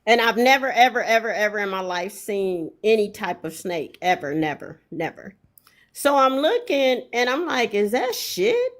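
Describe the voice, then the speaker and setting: A middle-aged woman telling a story in an animated, profane way, full of emphatic repetition. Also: medium pitch, normal speed.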